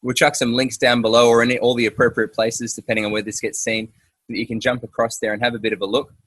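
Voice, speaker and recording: Male host, mid pitch, halting, dry close mic. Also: level tone, fairly bright tone, breathy edge, dry recording. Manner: hesitant, with frequent fillers and restarts. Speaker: podcast host. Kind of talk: casual interview talk. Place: outdoors.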